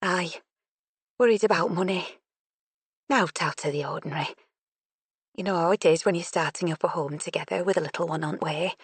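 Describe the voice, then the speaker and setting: A woman voicing a soft-spoken mother with a Yorkshire accent, talking gently about her lost daughter. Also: on the low side, fairly quick, long pauses, breathy edge, no room sound. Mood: fond.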